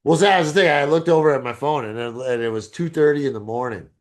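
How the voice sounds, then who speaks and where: A man's voice: on the high side, fast. A man co-hosting a podcast, telling a story in casual chat, swearing freely and acting out the people he quotes. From lives in LA. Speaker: podcast co-host.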